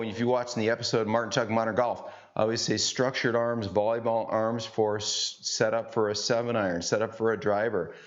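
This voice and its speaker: A middle-aged man teaching golf, chatty and folksy with joking asides. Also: on the low side. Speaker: golf instructor. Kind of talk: on-course instruction. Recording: dull lo-fi sound.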